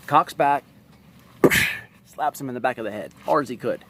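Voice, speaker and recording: A man's voice: mid-range voice, moderate pace, pauses often, a bit bright. A man vlogging to camera, telling stories from his own life in a blunt, streetwise, profane way. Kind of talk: casual storytelling to camera.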